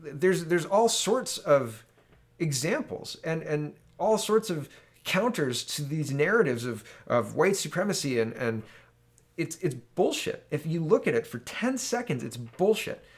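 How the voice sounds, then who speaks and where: A man's voice: fairly high pitch, sing-song, measured pace. A man from Canada giving solo political opinion commentary, exasperated and ranting, often tagging his points with "right?".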